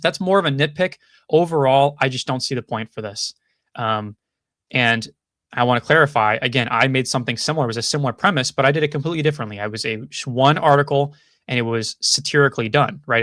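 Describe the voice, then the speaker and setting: A man's voice: medium pitch, fast, fairly bright tone, no echo, studio quality. A man hosting a casual commentary show, thinking aloud with frequent restarts and hedges. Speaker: podcast host.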